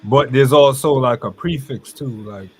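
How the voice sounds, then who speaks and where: A man co-hosting in casual chat, explaining helpfully with halting starts. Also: mid-range voice, slight background noise.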